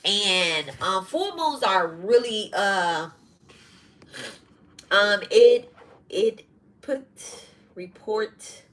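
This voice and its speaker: A middle-aged woman hosts a podcast, chatting casually and directly to viewers in a bright, forceful, expressive voice of medium pitch. She's blunt and profane, full of quick asides and laughter, and the recording is rough.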